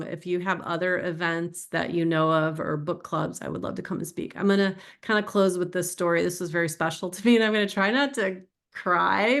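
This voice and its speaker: A woman's voice: medium pitch, a bit bright. A middle-aged woman author giving an informal, chatty talk about her book to an audience, digressive and emotional as she tells stories.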